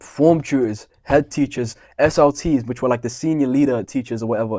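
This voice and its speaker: Fast-talking young man ranting. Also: mid-range voice, no echo, clean studio sound. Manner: profane, heated, blunt. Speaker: vlogger. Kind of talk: ranting storytime monologue.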